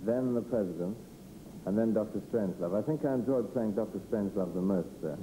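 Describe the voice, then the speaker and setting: A man's voice: lowish voice, fairly quick. Man, actor being interviewed, rambling storyteller, echoey room, noisy background. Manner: rambling, chuckling storyteller who slips into little voices. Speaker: actor interviewed about his roles. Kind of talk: interview anecdote.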